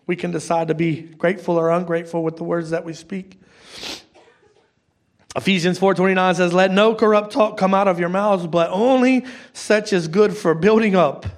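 Pastor, male, high voice, casual conversational preaching, repeats phrases, quizzes the congregation. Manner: conversational, asks the congregation direct questions; repeats key phrases for emphasis. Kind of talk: sermon.

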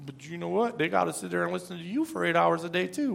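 A man's voice: sits high, fast talker, gravelly, fairly bright tone, slight background noise. A middle-aged man preaching a sermon as pastor, emphatic, repeating phrases and asking the congregation rhetorical questions.

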